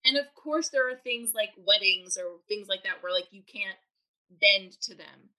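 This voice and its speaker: Bright lively woman coach on a podcast, acting out little scenes as she explains. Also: mid-range voice, measured pace, poor audio. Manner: animated, acts out parents' inner voices. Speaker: parenting coach. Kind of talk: podcast interview.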